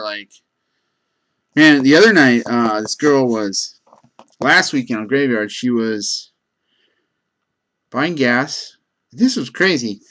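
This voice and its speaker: A man's voice: medium pitch, a bit bright. A man working as a gas station clerk, telling rambling casual stories with lots of fillers. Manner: rambling, many fillers and restarts. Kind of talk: casual storytelling.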